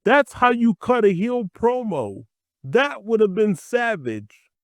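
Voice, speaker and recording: A man's voice: sits high, very animated, takes it slowly, dry recording. A man ranting to camera as a wrestling commentator, blunt and exasperated, swearing freely. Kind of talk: profane rant to camera.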